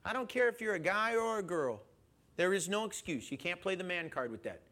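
A man preaching a sermon in an animated way, questioning his listeners and chuckling as he goes. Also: high-pitched, a little fast. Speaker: pastor.

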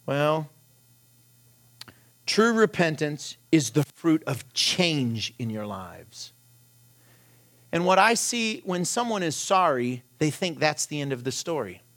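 A man's voice: a little high, sing-song, slow, long pauses, fairly bright tone. A middle-aged man, a pastor, giving a conversational sermon full of rhetorical questions and short anecdotes.

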